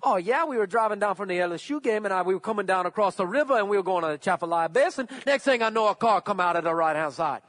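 Brief: a man putting on a young oil-rig guy, spinning a tall tale in fast run-on sentences, high-pitched voice. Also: animated, fairly bright tone, no echo. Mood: rambling. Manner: rambling run-on storytelling. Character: young male Cajun offshore worker telling a tall tale.

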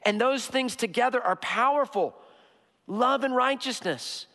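A high-pitched male pastor delivers an emphatic sermon, repeating his key words and drawing them out for weight. His voice rings with the long reverb of a church hall. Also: pushed and bright. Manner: emphatic, repeats key phrases, slows for stress. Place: church sanctuary.

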